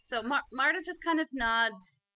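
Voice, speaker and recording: A woman describing her character's actions in a tabletop game, halting over words and giggling. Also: sits high, sharp tone. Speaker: player.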